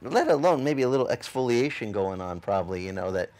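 A man's voice: mid-range voice, animated, a little fast, a little mellow. A male pastor preaching a sermon in a casual, joking way, full of rhetorical questions to the congregation.

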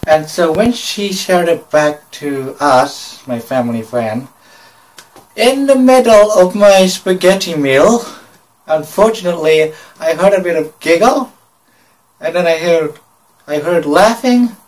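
Casual male vlogger, unhurried and halting, recorded a bit off-mic. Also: a little high, expressive, far from the mic, low-quality recording. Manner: hesitant, with many fillers and pauses. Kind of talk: casual travel vlog narration.

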